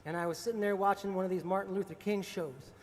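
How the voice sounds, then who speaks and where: A man's voice: sits high, fairly even intonation, quick pace, darkish tone, slight background noise. A man from the Appalachian South, a musician, telling a story in a casual, chuckling way with many filler words. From American South, Appalachia. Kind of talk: storytelling monologue. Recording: long reverb with faint music.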